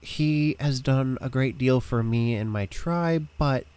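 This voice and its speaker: A man's voice: mid-range voice, takes it slowly, darkish tone, clear, resonant tone, natural voice. Casting: man doing a chirpy little kobold girl shopkeeper for a tabletop game, playful.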